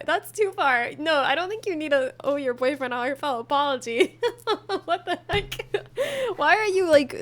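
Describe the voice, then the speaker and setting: A woman livestreamer chatting casually with a slightly high voice. She reads online posts aloud and reacts with frequent laughter and blunt opinions. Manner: dry, exaggerated reading voice. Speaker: streamer.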